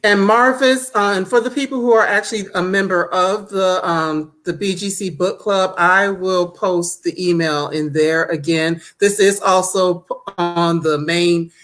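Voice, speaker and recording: A woman's voice: on the low side, a little slow, few pauses. Woman hosting a book club, chatty. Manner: relaxed, chatty, with hesitations. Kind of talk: casual chat.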